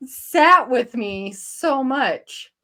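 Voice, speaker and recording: A woman hosting a casual book podcast, earnest and halting, restarting her sentences often. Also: sits high, animated, pushed and bright. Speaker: podcast host.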